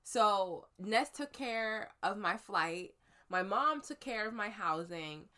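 A woman from the United States telling a story in casual chat, lively and animated, acting out the voices she quotes. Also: medium pitch, slow pace.

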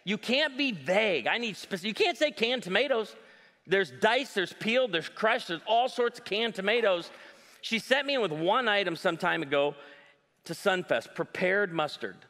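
A stand-up comedian in his forties performs live on stage in a high, bright voice at a moderate pace. He tells stories animatedly and slips into other voices for quotes, with a long hall reverb on the sound.

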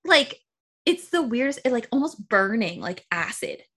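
A woman co-hosting a casual podcast, her voice a touch high. She chimes in with short reactions and quick agreement. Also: very animated, bright, forceful tone, slightly rough. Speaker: podcast co-host. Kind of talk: casual chat.

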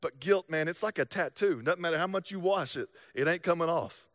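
A young man preaching a sermon, telling stories and acting out voices, swinging from loud to hushed. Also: a little high, brisk, dry recording, studio quality. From American South. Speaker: pastor.

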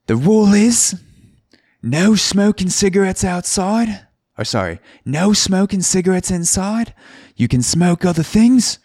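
Man doing a rowdy Australian bartender, loud barking rules, high-pitched, dry close sound. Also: dry recording, heavily acted. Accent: bad put-on Australian.

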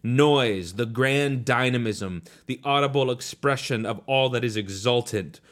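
A man reading aloud from a book as a scheming senior male demon writing a letter, in a slow and deliberate way. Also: mid-range voice, close to an everyday voice. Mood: scornful.

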